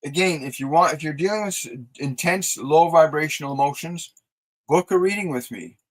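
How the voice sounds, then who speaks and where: A man hosting a live stream of spiritual guidance, talking softly and slowly as he leads breathing exercises and answers viewer messages. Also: fairly high pitch, rough recording. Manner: soft, slow, soothing guided instructions; reads viewer messages aloud and answers them. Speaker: psychic reader and host.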